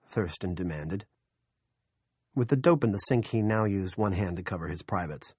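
A man's voice: low-pitched, normal speed, a little mellow, slightly rough, no echo, clean studio sound. A man reading scripted audiobook narration in a wry, matter-of-fact way.

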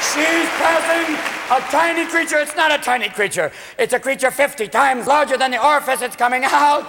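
Wild shouty guy doing stand-up, high gravelly voice, big hall, crowd roaring. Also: steady tone, background noise. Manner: manic, shouting, quick voice switches. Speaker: stand-up comedian. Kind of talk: stand-up comedy. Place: large live venue. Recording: echoey hall with loud crowd laughter.

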